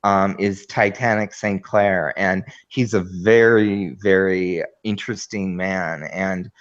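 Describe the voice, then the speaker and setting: A man's voice: low-pitched, fairly even intonation, slow. A man talking in a casual online group chat as a panel guest, rambling and hesitant with many fillers. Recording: dull lo-fi microphone.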